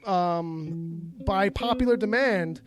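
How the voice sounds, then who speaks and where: High-voiced, laughing podcast host man. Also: slow pace, faint music behind. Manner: rambling, laughs often, repeats himself. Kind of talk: casual podcast chat.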